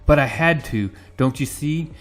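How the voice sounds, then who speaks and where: A man's voice: medium pitch, measured pace, faint music behind, close to an everyday voice. A man reading out the lines of a weak, urgent young woman from a comic.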